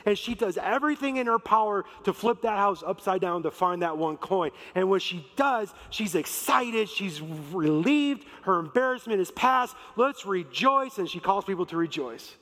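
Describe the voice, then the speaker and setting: A man's voice: high-pitched, animated, moderate pace, few pauses, fairly bright tone. A man preaching a sermon in a conversational, emphatic way, acting out quotes. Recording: long reverb of a large hall.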